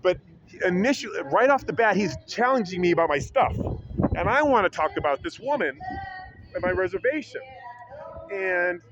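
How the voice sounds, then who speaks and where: A man tells a story straight to the camera, rambling and restarting a lot. His voice sits a bit high, and he acts out other people's lines. The recording is a little dull, with a faint hum behind him. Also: expressive, normal speed, a bit bright. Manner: rambling with many restarts, acts out quotes in a higher voice. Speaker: vlogger. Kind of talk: casual retelling of an incident. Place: public library.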